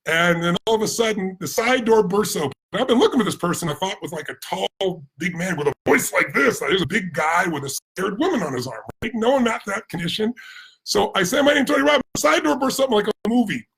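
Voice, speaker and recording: Brief: American man, motivational speaker, rapid energetic storytelling, gravelly-husky voice. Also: high voice. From United States. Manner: animated, emphatic, acts out quoted voices.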